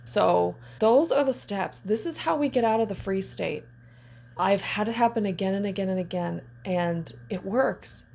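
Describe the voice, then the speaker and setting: A woman's voice: mid-range voice, normal speed, creaky. A woman in her thirties speaking as a trauma healing coach, in a candid, casual teaching monologue with laughs and personal asides. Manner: warm candid talk with laughs and self-disclosure.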